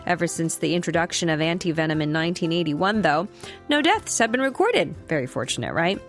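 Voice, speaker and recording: A woman's voice: lowish voice, fairly quick, soft background music. A woman hosting a radio show, chatting casually and laughing often. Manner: lively, laughs often, playful. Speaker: radio host.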